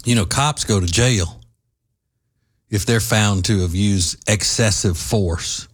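A low-pitched man hosts a solo commentary show, setting out his opinions at length. His speech comes in halting runs full of fillers and restarts, with occasional dry sarcasm.

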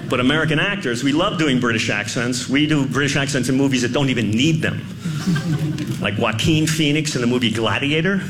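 A man's voice: medium pitch, fairly quick, heavy background noise. A man doing a stand-up routine, sarcastic and laughing through his punchlines. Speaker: stand-up comedian. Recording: live club recording with loud ambience.

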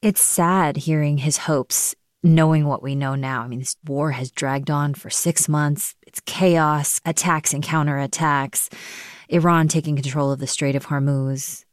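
A woman hosting a radio news program, asking questions in a composed, clear manner. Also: low-pitched, steady tone, a little slow, no echo, clean studio sound. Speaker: news host. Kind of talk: news interview.

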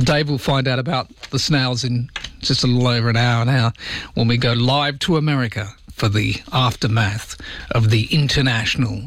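A man's voice: medium pitch, fairly bright tone, dry recording, clean studio sound. A man hosting a radio show, chatting casually and keeping asking his listeners rhetorical questions. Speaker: radio host. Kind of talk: casual talk radio chat. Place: radio studio. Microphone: studio microphone.

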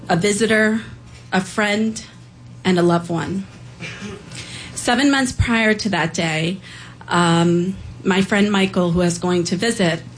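A woman telling a serious personal story on stage, earnest and a little halting. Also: on the low side, a little hiss or hum, poor audio. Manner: earnest, a bit halting with fillers.

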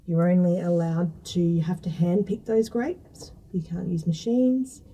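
Mellow husky woman, chatty explainer. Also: lowish voice, fairly even intonation, a little slow, far from the mic, poor audio. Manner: chatty, explanatory, many fillers. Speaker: food scientist guest. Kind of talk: casual interview talk.

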